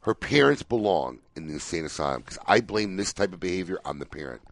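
Lively, low-voiced radio co-host. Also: male voice, fast talker, no room sound. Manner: animated storyteller, reads news items with asides. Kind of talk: casual talk radio banter. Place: radio studio.

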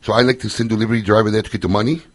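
Prank-call bit: man playing an insistent Chinese takeout owner in broken English, low husky voice. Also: steady tone, very fast, no echo, close to an everyday voice. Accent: put-on Chinese-accented English. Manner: broken English, pushy about payment. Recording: phone call.

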